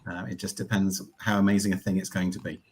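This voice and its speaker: A man's voice: deep voice, level tone, quick pace, darkish tone, husky. A man, a guest author on a live stream, explaining his project in a plain, matter-of-fact way. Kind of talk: casual live-stream chat.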